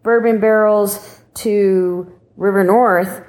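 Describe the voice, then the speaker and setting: A woman's voice: mid-range voice, fairly even intonation, slow pace, a little mellow. A woman from Colorado chatting upbeat on a voicemail to a podcast. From Colorado, USA. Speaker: caller. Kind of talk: voicemail message.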